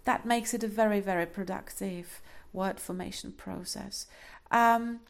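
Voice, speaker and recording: A woman lecturing to a class in an unhurried, explanatory way. Her voice sits at a middling pitch. She fills pauses with "uh" and "um" and often checks understanding with a quick "okay?". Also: fairly even intonation, gravelly. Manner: explains step by step, ends points with a checking "okay?"; frequent fillers and restarts. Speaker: linguistics lecturer.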